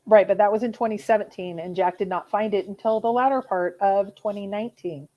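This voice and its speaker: A woman's voice: medium pitch, steady tone, a little fast, lo-fi sound. A woman co-hosting a casual call-in livestream, laughing easily and firmly correcting details. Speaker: co-host.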